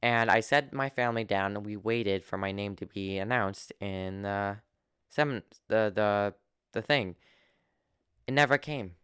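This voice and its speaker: Young man, casual personal storytelling, halting with restarts, very clear voice, dry close sound. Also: lowish voice, fairly bright tone, no room sound. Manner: earnest and open. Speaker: vlogger.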